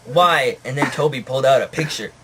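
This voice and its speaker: A man's voice: on the high side, normal speed, fairly bright tone. Laughing man improvising a story. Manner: laughs while narrating. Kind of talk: improvised puppet story narration.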